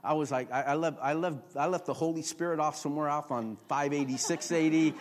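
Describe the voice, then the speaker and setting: A man pastor preaching a sermon to a congregation, chatty and conversational, building to loud emphatic peaks. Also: fairly high pitch, steady tone, brisk. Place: church before a congregation.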